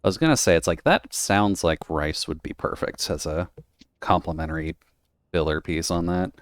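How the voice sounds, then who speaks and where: Very deep, smooth-voiced male streamer. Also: fairly even intonation, moderate pace, dry recording, studio quality. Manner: rambling, laughs often. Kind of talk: casual chat while gaming.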